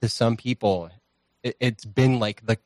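A man's voice: mid-range voice, a little slow, darkish tone, dry recording. A man talking as a podcast guest in a loose, rambling, profane and self-deprecating way, recorded on a home streaming mic. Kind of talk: casual chat.

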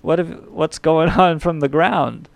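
A man's voice: a little high, a little slow, creaky, no room sound. A man co-hosting a profane satirical comedy podcast, with a mock-serious delivery. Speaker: podcast co-host.

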